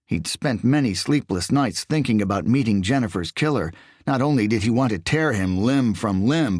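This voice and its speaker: A man reading a thriller audiobook in measured, expressive scripted narration. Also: lowish voice, dry recording, clean studio sound.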